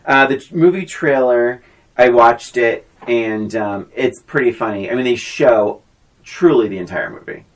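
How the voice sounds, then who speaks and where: A woman's voice: rumbling low, a little slow, poor audio. A woman co-hosting a podcast, chatting casually and teasing her friend, rambling with fillers. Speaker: podcast co-host. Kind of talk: casual chat.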